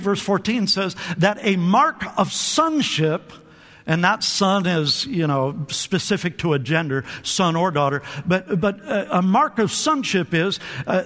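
A pastor's high, bright voice carries through a big, reverberant church sanctuary as he gives a lively sermon. He presses forward energetically and keeps the congregation answering him. He trips over repeated words, often restarting.

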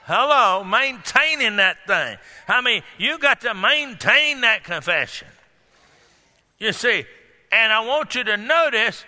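A male pastor preaching a sermon to a congregation, calling out questions and breaking into sudden shouts. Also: very high voice, expressive, slow pace. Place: church hall. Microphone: microphone. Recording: echoey hall.

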